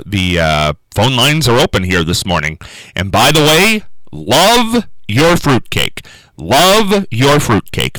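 Bright-voiced man hosting a radio show. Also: mid-range voice, dry recording, low-quality recording. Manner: folksy, repeats phrases for emphasis. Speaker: radio talk show host. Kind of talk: radio talk show monologue. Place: radio studio.

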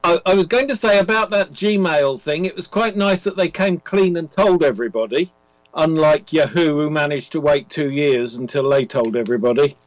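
A man's voice: on the high side, moderate pace, dry recording, rough recording. A man joining a radio show remotely as a regular co-host, chatting casually in a wry, hesitant way. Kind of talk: casual radio chat over the internet.

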